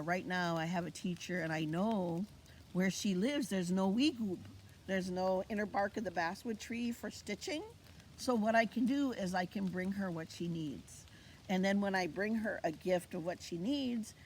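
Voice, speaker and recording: In a fairly low voice, with a faint hiss or hum audible, an Indigenous cultural teacher gives an informal talk on a fall plant walk outdoors. She tells her stories with animation, acting out the voices she quotes.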